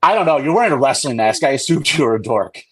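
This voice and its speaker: A man's voice: medium pitch, animated, fast talker, a crowd in the background. A man, a guest on a live stream talk show, speaking bluntly and indignantly, swearing freely and rambling as he makes his point.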